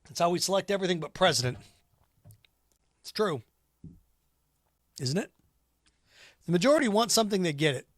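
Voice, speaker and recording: A man with a high, bright-pitched voice rants through a sports talk monologue, combative and sarcastic. He fires rhetorical questions and scoffs at his critics. The sound is dry and close. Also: animated, moderate pace, long pauses, no room sound. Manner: combative, sarcastic, mocks imagined callers in put-on voices. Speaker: sports radio host.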